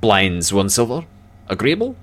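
A man voicing a gruff, swearing male dwarf who gambles at dice in a fantasy game. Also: lowish voice, huge pitch swings, measured pace. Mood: gloating. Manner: gruff, cursing, boastful.

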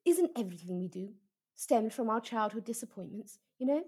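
A woman hosting a comedy podcast in a high voice with wide swings in pitch. She gushes in a mock-earnest way, playing a fawning interviewer. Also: animated, fairly quick, warm tone, husky. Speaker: podcast host.

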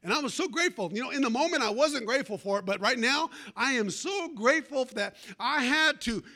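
A man's voice: very high-pitched, expressive, fairly quick, pushed and bright. A man preaching a sermon, calling out for amens and telling a folksy personal story with fervor.

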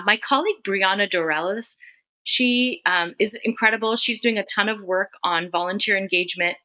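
A middle-aged woman, a podcast guest, telling a personal story in an animated, conversational way. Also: medium pitch. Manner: animated, acts out quoted people.

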